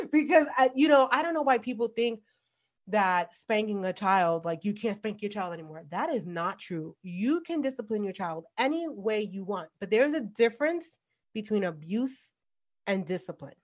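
A woman in her forties, a guest on a casual podcast, talking bluntly and telling animated stories about raising kids, with a New York accent. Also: mid-range voice, moderate pace. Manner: blunt, animated storytelling with laughs.

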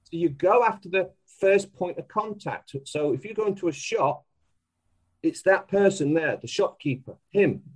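A man talking as a podcast guest in a casual, emphatic and animated way, laughing often. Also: sits high, normal speed, breathy edge, rough recording.

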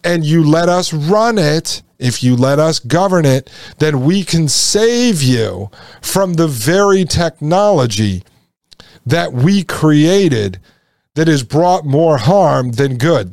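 Guy hosting a podcast, emphatic and repetitive, kinda high voice, dry close mic. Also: animated, slow pace, a little mellow, dry recording. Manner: emphatic, repetitive, addresses listeners as folks. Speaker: podcast host. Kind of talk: solo commentary monologue.

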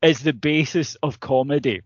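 A man's voice: on the high side, moderate pace, no echo, highs cut off. A man, co-hosting a podcast, telling stories and ranting in casual, sweary chat. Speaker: podcast co-host.

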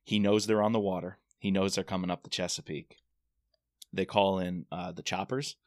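Brief: low male voice, casual podcast co-host, lively plot retelling, dry close sound. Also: normal speed, dry recording. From Washington DC area. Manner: animated retelling, acts out characters' lines. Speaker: podcast co-host discussing a novel. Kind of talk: casual chat.

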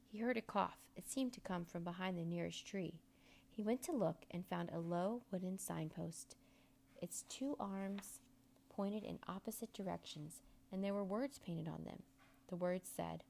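Gravelly-voiced woman reading a storybook. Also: fairly low pitch. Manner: expressive, measured storytelling. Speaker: narrator.

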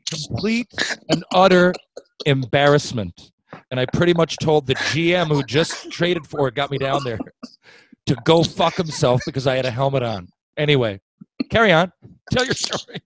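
A man tells a rambling, profane story in a higher-than-usual voice, climbing louder as he gets worked up. The sound is dry and close, with no room echo. He talks like a regular co-host on a casual podcast. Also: normal speed. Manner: profane, animated, swings loud when worked up.

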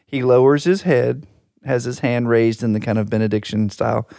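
Middle-aged male podcast co-host, gravelly, wry storyteller, dry close sound. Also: mid-range voice, normal speed, warm tone, no room sound. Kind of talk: casual chat.

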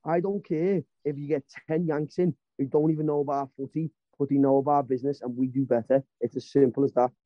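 A man's voice: mid-range voice, steady tone, a little fast, hardly any pauses, dry recording. A man on a casual podcast, ranting hard and swearing. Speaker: podcast panelist. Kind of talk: heated casual rant. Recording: dull lo-fi podcast audio.

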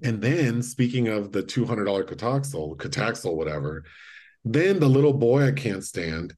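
A man co-hosting a podcast, retelling movie scenes in a casual, animated way and acting out the lines. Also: fairly low pitch, moderate pace. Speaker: podcast co-host. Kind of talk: casual chat.

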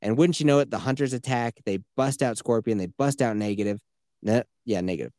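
A man's voice: mid-range voice, brisk, a little mellow, no room sound, clean studio sound. A man casually retelling a video game's plot on a podcast, profane and mocking. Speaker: podcast host. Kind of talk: casual game review chat.

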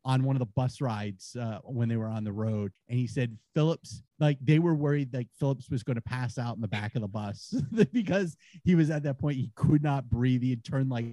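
A man guest on a casual podcast, telling stories and jokes in an animated, laughing way. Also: medium pitch, normal speed, hardly any pauses, dry recording. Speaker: guest, former radio host.

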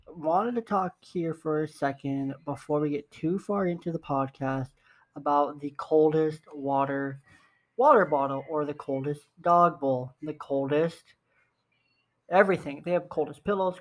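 A young man co-hosting a casual podcast, upbeat and joking about himself, doing the ad reads in a salesy way. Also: a little high. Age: young adult. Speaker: podcast co-host. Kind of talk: casual podcast chat and ad read.

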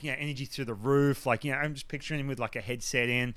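Animated man telling a story. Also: medium pitch, fast talker, no echo. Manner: animated storyteller, acts out quotes loudly. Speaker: podcast guest telling a story. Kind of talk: casual chat.

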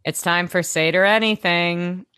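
Chatty low-voiced woman podcast co-host. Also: steady tone, moderate pace, sharp tone, clean tone, dry recording, studio quality. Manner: chatty, swears casually, bursts into impressions. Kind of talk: casual chat recapping a TV show.

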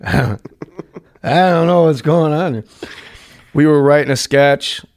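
Middle-aged male guest, animated storyteller, slightly high-pitched, plays the voices in his tales. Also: takes it slowly. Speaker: podcast guest. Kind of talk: casual storytelling.

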